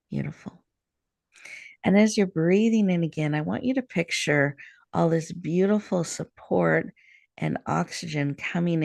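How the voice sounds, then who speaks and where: A woman guides a breathing meditation, speaking softly and unhurriedly with a gravelly edge. Her voice is dry and close, with no room sound around it. She talks as the host of the show. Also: sits low, no echo. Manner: soft, slow, soothing guidance. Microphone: video call.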